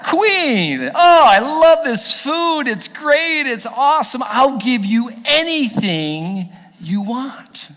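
A man voicing a jovial, excitable king who loves feasting, boisterous and shouting in an echoey church hall. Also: extremely high pitch, slow, voice pushed up, full character voice. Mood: tipsy.

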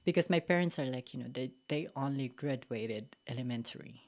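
A young woman with a Filipino accent speaks in a strikingly low-pitched voice. She talks candidly and reflectively as a podcast guest, leaning on "like" and "you know" and laughing easily. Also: fairly quick. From Philippines. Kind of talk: casual interview conversation.

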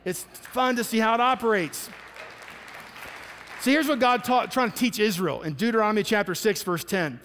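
High-pitched emphatic male preacher in a reverberant hall. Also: normal speed, a faint crowd, a little hiss or hum. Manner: emphatic, animated storyteller acting out quotes. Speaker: pastor. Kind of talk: sermon with storytelling.

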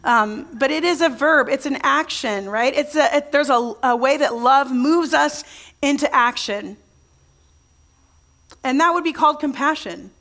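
A woman pastor preaching in a relaxed, conversational way, her voice sitting a little high. She tells stories to her congregation, often breaks off and restarts her sentences, and puts questions straight to the people listening. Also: measured pace. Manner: chatty storytelling with frequent restarts, addresses the congregation directly. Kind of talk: conversational sermon. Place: church.

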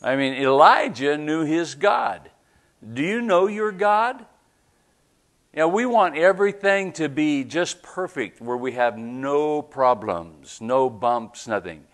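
Delivering a sermon at a church service, this pastor talks in a conversational way, often tossing "right?" to the congregation. His voice is medium-pitched, expressive and fairly bright, a touch slow, with hardly any pauses.

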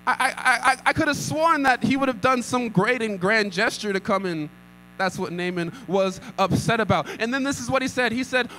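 A man's voice: sits high, animated, moderate pace, pushed and bright, slight background noise, poor audio. A young man preaching a sermon, repeating lines and calling for responses. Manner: acts out scripture with rising intensity. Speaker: pastor.

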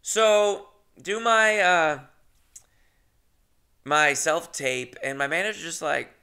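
Gravelly, rambling man telling a story. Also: a little high, slow pace, long pauses, bright, forceful tone. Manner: rambling, self-deprecating, swears, restarts often. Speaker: podcast host. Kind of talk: casual storytelling.

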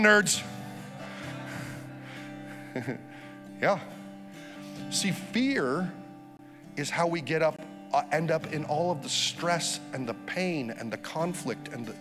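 A man preaching a sermon as pastor, energetic, with urgent appeals and calls for the congregation to respond. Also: fairly high pitch. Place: church auditorium. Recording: live sermon in a large reverberant hall with faint music.

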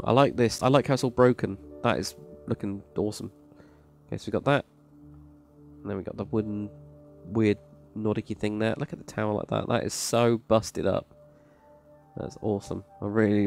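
Faint background music accompanies a Minecraft server plot reviewer as he rambles through a game build tour, excited and generous with praise. His voice is lowish, gravelly and darkish in tone.

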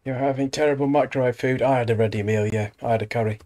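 A man's voice: mid-range voice, steady tone, fast talker, dark tone. An English man hosting a let's play, chatting casually over gameplay with self-deprecating asides.

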